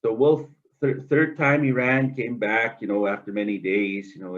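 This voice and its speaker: A Canadian man with a lowish voice, speaking at normal speed, tells a traditional story to students in a school classroom. His oral storytelling is lively and conversational, packed with asides, and the recording is dull and lo-fi.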